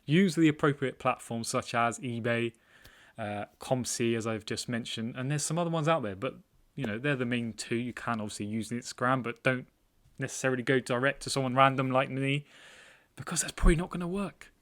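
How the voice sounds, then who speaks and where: A man's voice: mid-range voice, a little fast, a bit bright. Chatty man answering viewer comments. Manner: chatty and self-deprecating, often laughing. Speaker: trading card collector channel host.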